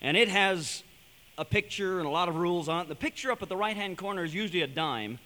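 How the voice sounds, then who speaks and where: A man with a high, bright, forceful voice tells a story as a sermon-style talk, animated and building to emphatic points. His voice carries a long reverb from a large hall. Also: fast talker. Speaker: speaker addressing a young audience.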